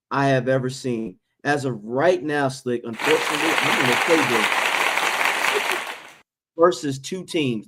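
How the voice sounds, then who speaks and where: A man co-hosting a live sports reaction stream, fired up and blunt, calling out to his co-host as he talks. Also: medium pitch. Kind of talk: casual sports reaction chat.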